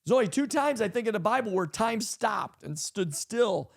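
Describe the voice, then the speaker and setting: Man, pastor and podcast host, high gravelly voice, emphatic and repetitive in a casual leadership talk. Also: lively intonation, moderate pace. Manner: emphatic, repeats key lines for effect.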